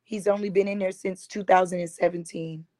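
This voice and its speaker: Speaking fairly quickly in a lowish, steady, darkish voice, a woman who survived domestic violence and now advocates for others gives emotional personal testimony. She earnestly retells her experience, often quoting others with "I said." The recording is dry and low quality.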